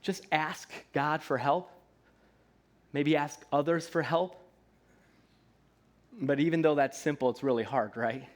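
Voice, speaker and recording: This is a male pastor delivering a sermon in a casual, conversational tone, tossing in playful put-on voices and frequent tag questions like "right?". His voice sits a little higher than most men's. He sounds like a man in his thirties talking from a church stage. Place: church sanctuary.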